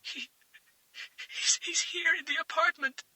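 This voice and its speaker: A man's voice: very high-pitched, steady tone, a little slow, pushed and bright, no room sound, pitched above the performer's own voice, full character voice, poor audio. A male narrator voicing a frightened young woman whispering on the phone, trembling and out of breath. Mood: terrified whisper.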